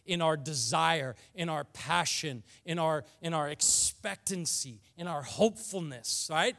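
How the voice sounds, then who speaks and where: Man preaching, earnest, builds to passionate emphasis, fairly high voice, restarts often. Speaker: pastor. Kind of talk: sermon.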